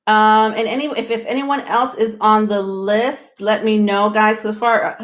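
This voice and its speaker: A woman hosting a tarot live stream, talking casually, a little out of breath, rambling with many pauses and restarts. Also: medium pitch, steady tone. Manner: rambling, many ums and restarts, laughs often. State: slightly out of breath.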